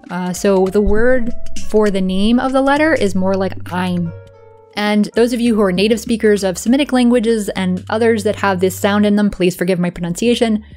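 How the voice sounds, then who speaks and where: A woman hosting an educational video, explaining patiently and clearly and often checking in with the viewer. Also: mid-range voice, darkish tone.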